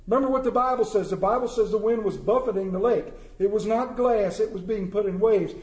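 A man's voice: sits high, brisk, a little mellow. A middle-aged man preaching a sermon in a folksy, plainspoken way, putting questions to his congregation. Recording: echoey room.

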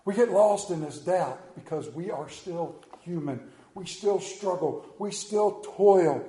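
A man's voice: high voice, echoey room, poor audio. A man preaching a sermon, telling stories and acting out the voices in them. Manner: storytelling, acting out voices of the story.

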